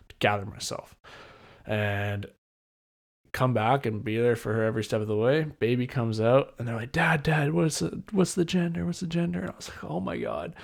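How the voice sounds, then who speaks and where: A young man with a slightly low voice hosts a casual solo podcast. He rambles through a personal story, often restarting his sentences, and his retelling runs excited and loose. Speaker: podcast host.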